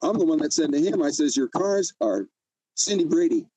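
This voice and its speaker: A man's voice: a little high, expressive, moderate pace, dark tone, slightly rough, no room sound, poor audio. An older man telling his own story in an emotional interview, agitated and often repeating himself. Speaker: interview guest.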